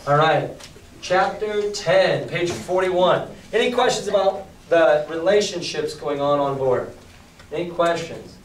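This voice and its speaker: A man's voice: on the high side, unhurried. Male teacher reading aloud in an echoey classroom. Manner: animated, asks the class questions. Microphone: distant mic. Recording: echoey classroom, distant mic.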